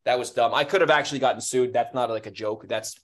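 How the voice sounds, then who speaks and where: A man at a middle pitch, co-hosting a casual podcast. He tells stories with lively, swearing energy. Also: fast talker. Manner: animated, profane storytelling. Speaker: podcast co-host.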